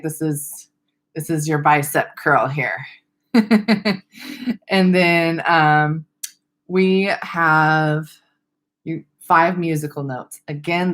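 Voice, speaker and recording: A young adult speech therapist with a low voice leads a casual online webinar, demonstrating vocal exercises. She's friendly and loose, laughs at herself, and lets a slight vocal fry creep into the ends of her sentences.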